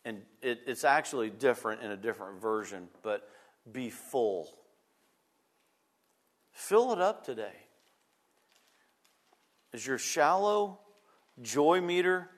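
A man pastor preaching a sermon, emphatic and repeating his key phrases, swinging between loud bursts and quiet moments. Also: on the high side, lively intonation, slow pace, pauses often.

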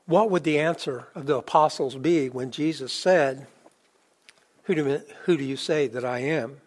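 A man preaching a conversational sermon, with filler words and restarts, who builds to emphatic peaks and then drops low and soft. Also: measured pace. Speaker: pastor.

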